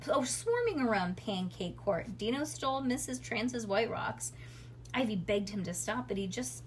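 A woman reading a children's chapter book aloud in animated storybook style. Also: fairly high pitch, a little hiss or hum.

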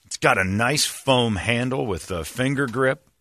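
A man's voice: mid-range voice, animated, unhurried, bright, forceful tone, no room sound. A man telling crude workplace stories in a joking, boisterous way, acting out the voices of the people in them. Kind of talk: crude comic storytelling.

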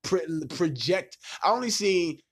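Animated man telling a raunchy story. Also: sits high, measured pace, breathy edge, dry recording, studio quality. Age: adult with a child. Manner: animated, profane, laughs and mimics voices. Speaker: podcast host. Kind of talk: casual storytelling chat.

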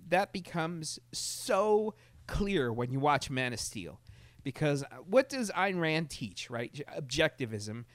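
A man in casual chat, animated and rambling, with many restarts and laughs. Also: fairly high pitch, slow pace, no room sound.

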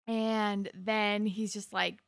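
A young woman co-hosting a casual chat, retelling a TV episode with lots of "like" and quick quoted lines. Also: mid-range voice, level tone, creaky, smooth, no echo, clean studio sound. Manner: chatty retelling full of "like", quick put-on quotes. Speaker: podcast co-host.

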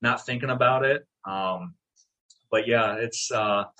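A middle-aged man telling a story in casual chat, animated and swearing, acting out what people said. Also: mid-range voice, unhurried. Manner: animated, swearing, acts out quotes. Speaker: guest, town mayor.

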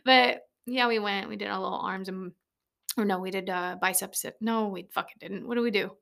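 A woman's voice: medium pitch, steady tone, a little fast, gravelly, fairly bright tone. A woman in her late twenties hosting a casual solo podcast, blunt and rambling, swearing often and laughing easily, recorded on a studio mic in a small converted shed. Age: late 20s. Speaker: podcast host. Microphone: studio microphone.

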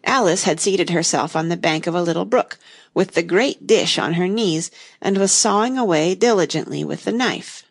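A woman reading a storybook aloud in an expressive, measured way. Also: on the low side, vocal fry. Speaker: narrator.

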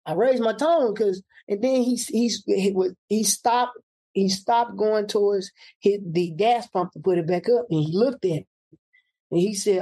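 A man's voice: high voice, measured pace. A man, a political candidate, telling a personal story and acting out what people said. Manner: animated, acts out quoted speech.

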